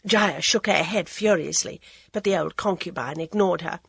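Husky-voiced woman reading a novel. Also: lowish voice, moderate pace, dry recording. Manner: even, storytelling delivery. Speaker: audiobook narrator. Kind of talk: scripted narration.

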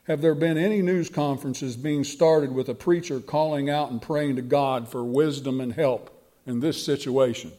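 A man preaching a sermon and telling a story with slow, emphatic delivery. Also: mid-range voice, steady tone, mellow.

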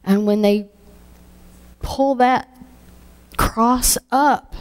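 A woman giving an emotional spoken testimony, halting and repeating her words, sometimes dropping to a hush. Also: on the high side, fairly even intonation, slight background noise.

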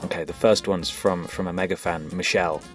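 Brief: low-voiced male podcast host, dry, wry delivery. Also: fairly even intonation, brisk, soft background music. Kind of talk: casual chat.

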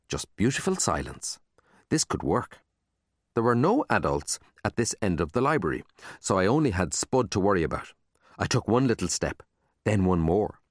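A man narrating a children's book aloud in a lively, expressive storytelling manner, close to the mic. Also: low voice, dry recording. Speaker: audiobook narrator.

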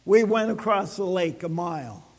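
A man preaching a sermon, telling a story with dramatic swings between loud and soft. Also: high-pitched, expressive, normal speed, long reverb tail. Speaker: pastor.

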